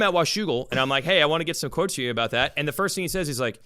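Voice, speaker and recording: A man talking casually on a podcast, an animated storyteller who acts out quotes. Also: a little high, rapid-fire, hardly any pauses. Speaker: motocross broadcaster, podcast guest.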